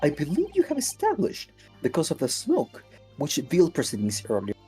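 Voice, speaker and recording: A woman's voice: deep voice, wildly swooping pitch, fairly quick, warm tone, slightly rough, soft background music, heavily acted. A woman voicing a stern, pompous elderly male judge in a fan dub, with formal speech and theatrical outbursts.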